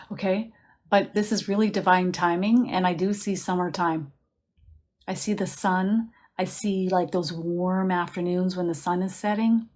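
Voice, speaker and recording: A woman with a slightly low voice leads a live psychic reading. She sounds chatty and reassuring, breaks into soft laughs now and then, and calmly coaches listeners to relax and sense the answer in their bodies. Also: unhurried, long pauses. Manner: guides listeners to relax and feel answers in the body. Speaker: psychic medium.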